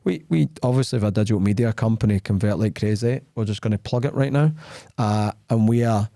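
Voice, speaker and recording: A man's voice: on the low side, fairly quick, vocal fry, no echo, clean studio sound. A man hosting a podcast in casual chat, telling stories bluntly and acting out the dialogue. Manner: animated storytelling, acting out quoted dialogue; blunt, plain-spoken. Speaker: podcast host.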